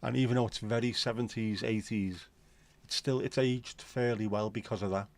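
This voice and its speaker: A man's voice: on the low side, fairly even intonation, moderate pace. A man hosting a casual livestream chat, reading out viewer comments in a bantering, crude, sweary way. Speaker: livestream host.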